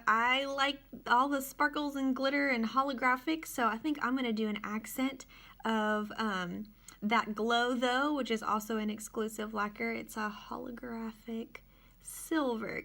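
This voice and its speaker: A woman with a slightly high voice hosts a casual how-to from her dining room. She talks unhurriedly and narrates each step as she goes, like she is chatting with friends. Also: bright, forceful tone. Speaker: nail tutorial host.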